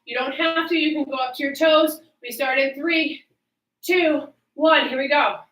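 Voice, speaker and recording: A woman's voice: sits high, moderate pace, fairly bright tone, echoey room, far from the mic, rough recording. A woman fitness coach leading a workout, upbeat and coaching through the moves while out of breath. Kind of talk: workout instruction. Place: home workout space with fan.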